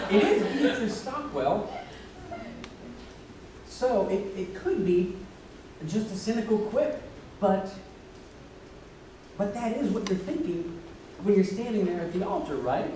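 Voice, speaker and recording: A man's voice: high voice, lively intonation, noisy background. Guy doing a rambly wistful narrator talking to the crowd, far off on an echoey stage. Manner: chatty, halting, confiding. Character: wistful musical-loving man narrating to the audience. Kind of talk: stage monologue. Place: theater stage. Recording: distant echoey stage recording.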